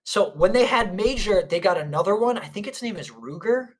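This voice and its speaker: A podcast co-host in casual chat, telling stories in an animated, rambling way. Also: mid-range voice, fairly quick, a loud crowd.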